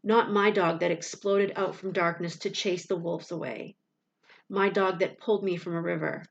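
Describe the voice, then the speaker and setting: A woman with a lowish voice reads a tense first-person story as an audiobook. Her delivery is expressive and dramatic, and the recording sounds dull and lo-fi. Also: moderate pace, gravelly. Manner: expressive dramatic reading, loud cries in the dialogue. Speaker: audiobook reader.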